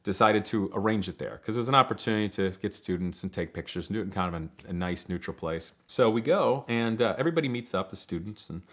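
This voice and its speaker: A man casually telling a long personal story, animated, acting out other people's lines and laughing often. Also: lowish voice, quick pace, few pauses. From Ohio, United States. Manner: animated, acts out quoted voices, laughs often. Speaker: storyteller, program leader.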